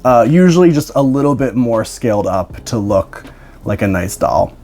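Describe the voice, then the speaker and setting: A young woman hosts a casual doll unboxing vlog, tired yet bubbling with excitement. Her pitch swings widely as she talks. She swears freely and breaks into laughter often. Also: normal speed. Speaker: doll collector and reviewer.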